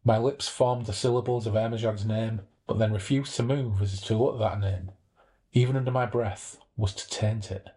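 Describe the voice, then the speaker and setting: A man's voice: on the low side, moderate pace, breathy edge. Man chatting about a book. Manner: relaxed, chatty summarizing, reading passages aloud. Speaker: podcast host. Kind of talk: book discussion with read-aloud passages.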